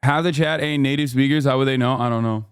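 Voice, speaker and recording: A man's voice: mid-range voice, fairly even intonation, fast talker, clear, resonant tone, dry recording. Joking man on a close dry mic. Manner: joking, reacting to chat. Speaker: livestream host. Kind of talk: casual live-stream commentary. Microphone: close streaming mic.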